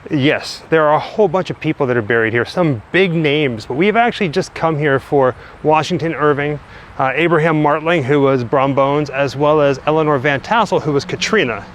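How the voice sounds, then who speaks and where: A man's voice: a little high, moderate pace. A man narrates a walking-tour vlog, chatty and enthusiastic as he shows viewers around. He talks into a handheld camera mic outdoors, with faint traffic passing behind him. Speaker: travel vlogger. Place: outdoors in a cemetery by a busy road. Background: faint cars and trucks.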